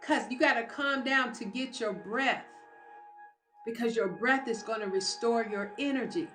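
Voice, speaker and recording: A woman's voice: a little high, a little slow, fairly bright tone, echoey room, faint music behind. A woman giving a live motivational talk, speaking emphatically and like a preacher straight to her listeners.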